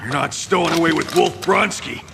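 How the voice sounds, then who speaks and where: A man playing a gruff, hot-tempered male mech pilot who blusters and sneers. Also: fairly high pitch, a little fast, noisy background, pitched above the performer's own voice. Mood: blustering. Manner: blustering, spiteful.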